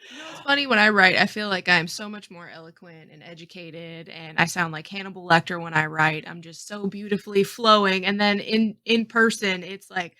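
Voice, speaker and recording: A woman co-hosting a podcast, chatting casually, giggly and quick-talking. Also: on the low side, sharp tone, no echo.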